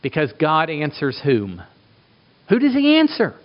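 A middle-aged man preaching a sermon as a pastor, emphatic, asking rhetorical questions and swinging his pitch for effect. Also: huge pitch swings, a little slow. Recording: dull lo-fi recording.

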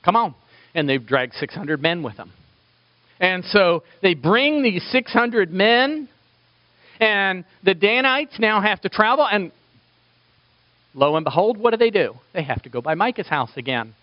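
Male pastor, high voice, animated preaching, dry slightly dull recording. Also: measured pace, dry recording. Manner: animated, acts out quoted voices. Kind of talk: sermon.

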